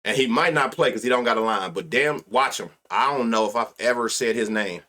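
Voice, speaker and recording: With a medium-pitched, sharp voice and a slightly quick pace, this American man runs a live sports-betting stream. His talk is casual and packed with slang and cursing, broken up by frequent laughter and stats muttered under his breath.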